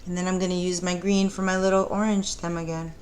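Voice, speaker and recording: A woman teaching a preschool art lesson in a gentle, encouraging way, talking the children through each step and asking them questions. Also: on the low side, level tone, fast talker, slight background noise.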